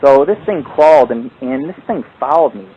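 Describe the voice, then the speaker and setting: A man's voice: medium pitch, normal speed. Profane rambling man on a tinny line. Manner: rambling, profane, animated storytelling. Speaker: paranormal radio show host. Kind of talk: casual storytelling chat. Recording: tinny phone-like line with faint hiss.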